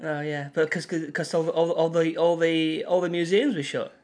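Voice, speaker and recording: A man's voice: fairly high pitch, level tone, normal speed, darkish tone. A man with a Manchester accent co-hosting a casual podcast, telling a rambling story full of restarts and fillers. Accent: Mancunian English. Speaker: podcast co-host. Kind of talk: casual chat.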